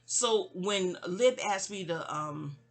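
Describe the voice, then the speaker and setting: A woman from New York City narrates her life story slowly in a lowish voice with lively intonation. She digresses constantly, breaking off, interrupting herself with sighing asides, then circling back.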